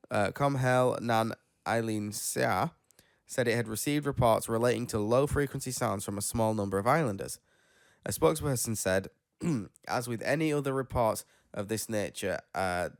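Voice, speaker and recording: The fairly low voice of a podcast host comes through clean studio audio without room sound. He's drained after an illness, so he meanders while reading the news aloud, jokes at his own expense, and trips over names.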